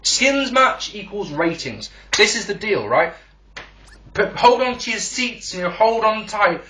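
Sarcastic male reviewer, lively swooping delivery, slightly high voice. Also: unhurried. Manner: sarcastic, profane, ranting. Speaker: wrestling reviewer. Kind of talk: sarcastic recorded show review.

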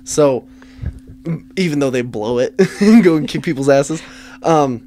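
A man's voice: medium pitch, unhurried, dark tone. A man co-hosting a casual podcast, recapping a movie scene by scene with frequent laughter and swearing. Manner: profane, laughing, acts out lines from scenes. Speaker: podcast co-host.

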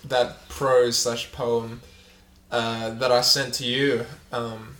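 A man co-hosting a podcast in casual chat, rambling and joking, with a loud fake laugh. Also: medium pitch, level tone, takes it slowly, roomy sound. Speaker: podcast co-host.

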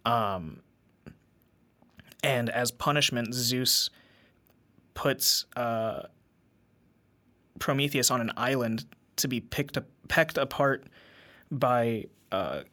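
Man, podcast co-host, casual film talk, slow delivery, bright forceful tone. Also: mid-range voice. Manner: unhurried plot recap with fillers. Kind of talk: casual film review chat.

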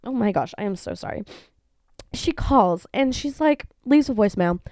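A young woman with a fairly high voice talks at a normal pace as she hosts a casual solo podcast from home. She tells a story animatedly, acting out the voices of the people in it and swearing now and then. Allergies have her sneezy.

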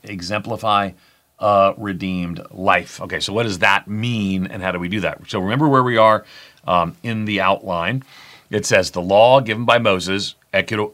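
A man's voice: fairly low pitch, bright, forceful tone. A middle-aged man preaching a conversational sermon as a pastor, often checking in with the congregation by asking "right?". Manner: conversational, frequent "right?" tag questions.

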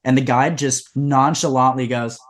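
A young man with a mid-range voice co-hosts a loose comedy podcast. He spins absurd made-up origin stories in a deadpan, offhand way. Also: mid-range voice, moderate pace. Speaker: podcast co-host. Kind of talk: comedic casual chat.

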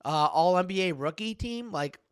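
Young guy on a sports pod, kinda high voice, dry close mic, laughs a lot, swears. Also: lively intonation, normal speed, clean tone, no room sound. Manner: loose, laughing, swears freely. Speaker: podcast co-host. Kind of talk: casual sports chat.

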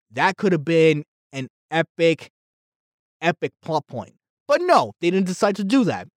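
Heated rambling man, high voice. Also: huge pitch swings, moderate pace, no echo, studio quality. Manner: heated, rambling, stumbling restarts. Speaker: movie reviewer. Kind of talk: casual movie rant.

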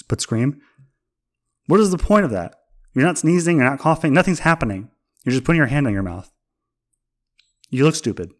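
A young man rants about pet peeves in a loose, rambling way, full of mock outrage and sarcastic asides. His voice sits at an ordinary middle pitch for a man. He sounds like he is talking to camera at home. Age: young adult. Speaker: vlogger. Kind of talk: casual comedic rant.

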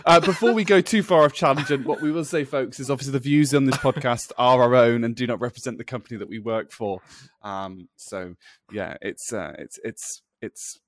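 A man's voice: mid-range voice, normal speed, no echo. A man co-hosting a podcast in casual chat, laughing often and tripping over his words. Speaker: podcast co-host.

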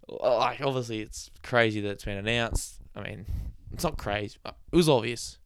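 A man's voice: medium pitch, normal speed, few pauses, smooth, no echo. A man hosting a casual solo podcast, rambling and chatty, with sarcastic asides and laughs at his own jokes. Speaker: podcast host.

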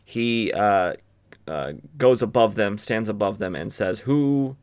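Low-voiced man recapping old comics. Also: measured pace. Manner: chatty, lots of filler, wry asides. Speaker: podcast host. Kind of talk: casual comic book recap.

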